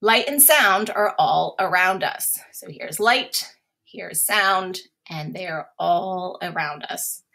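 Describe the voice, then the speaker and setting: Recorded in a classroom or at home for remote learning, a woman special education teacher reads a basic science lesson slowly, patiently repeating key terms and occasionally whispering examples. Her voice is fairly low, gravelly, and sharp.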